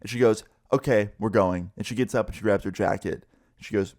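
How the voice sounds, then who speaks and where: Talking to camera, a young man shares a personal story in a relaxed vlog format. He swears casually and stays animated throughout, his pitch shifting fast.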